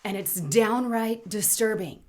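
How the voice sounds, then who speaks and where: A woman's voice: mid-range voice, unhurried, darkish tone. A woman hosting a political commentary channel, speaking urgently and indignantly while reading headlines. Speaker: channel host.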